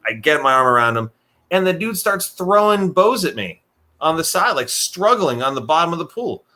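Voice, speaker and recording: Bright-voiced man telling animated stories. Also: a little high, moderate pace. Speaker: podcast guest telling stories. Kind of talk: casual storytelling chat.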